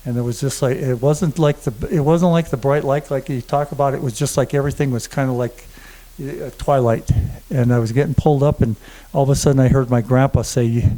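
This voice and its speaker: A man speaks to a conference audience about his own experience. His voice is mellow and dark, and he stops and restarts often, leaning on fillers as he talks. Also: medium pitch, fairly even intonation, rough recording. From German family. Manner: halting, many fillers and restarts. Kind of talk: personal testimony to an audience. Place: conference room before an audience.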